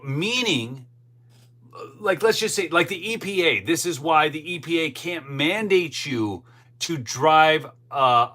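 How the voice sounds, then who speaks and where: A man's voice: mid-range voice, sharp tone. A man hosting a political livestream, talking casually and rambling as he keeps checking "okay?" with the audience. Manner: rambling and conversational, often tagging "okay?". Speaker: host of a political commentary livestream. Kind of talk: casual live commentary reading the chat.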